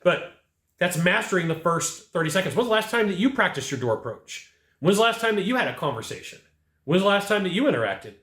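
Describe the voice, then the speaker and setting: Fast, punchy male sales coach. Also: high voice, very animated, a bit bright. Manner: emphatic, punchy, keeps asking "right?". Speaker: HVAC sales trainer. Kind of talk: coaching talk to camera. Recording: echoey room.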